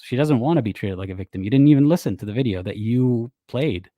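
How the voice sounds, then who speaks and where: A man's voice: mid-range voice, expressive, fast, mellow, no room sound, studio quality. A man hosting a reaction video, commenting sarcastically and mocking the people he quotes. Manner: sarcastic and mocking, quotes others in exaggerated voices. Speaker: commentary host.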